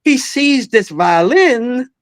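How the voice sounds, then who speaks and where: A man in his eighties, a veteran singer appearing as a guest, tells stories in an interview with a very high-pitched voice, taking his time. He's an animated storyteller who acts out voices and laughs often.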